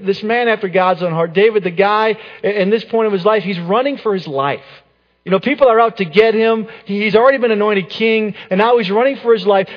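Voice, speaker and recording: A man gives a sermon in a high voice, earnest and searching, often repeating himself and dropping his phrases to a hush. The sound is dull and lo-fi, with a long reverb trailing after each line. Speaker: pastor.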